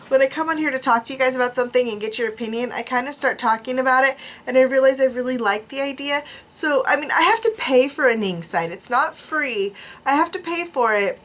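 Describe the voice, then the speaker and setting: A tired, drowsy woman vlogger rambles casually to her viewers from a home studio, speaking to camera with many ums and restarts. Her voice sits high with a fairly bright tone.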